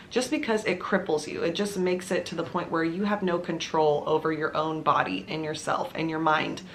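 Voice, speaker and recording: A woman's voice: sits low, gravelly, slight background noise. A woman vlogging at home, telling her own story to camera in an earnest, confiding, conversational way. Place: at home with her baby nearby.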